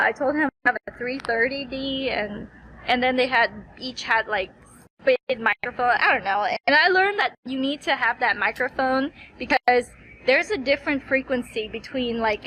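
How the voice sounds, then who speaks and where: A woman with a fairly high voice recaps her day in a casual vlog. She rambles and tells it with energy, filling her story with "like" and quoted asides. A faint hiss of background noise sits under her voice. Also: rough recording. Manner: rambling, animated storytelling with many fillers. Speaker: vlogger.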